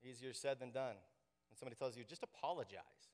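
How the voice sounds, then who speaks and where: Man, pastor, sermon, animated, jokey, acts out quotes, mid pitch, long church reverb. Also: fast talker. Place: church sanctuary.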